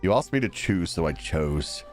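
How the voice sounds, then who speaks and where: A man reading as a quiet young nobleman. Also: low voice, expressive, normal speed, big-room sound, soft background music, pitched below the performer's own voice. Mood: earnest. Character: reserved young man, calm and earnest.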